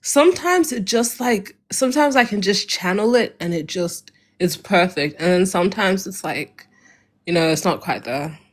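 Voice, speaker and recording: A woman's voice: medium pitch, animated, moderate pace. A woman with an Australian accent chatting playfully on a live stream. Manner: playful, giggly, tries on a southern accent. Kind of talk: casual live-stream chat.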